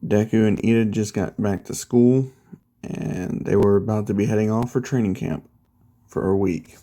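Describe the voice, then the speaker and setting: A man's voice: on the low side, moderate pace, warm tone. A man casually recapping a fan-made story in a laid-back, slangy, profane way.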